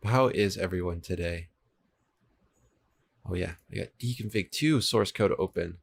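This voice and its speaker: A man's voice: sits low, a little slow, gravelly, breathy edge. A young man in his twenties talking casually on a livestream, chatty and laid-back, answering viewers' chat as he works. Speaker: livestreamer coding a game server. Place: home room with an air conditioner running. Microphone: desk microphone, switching between two.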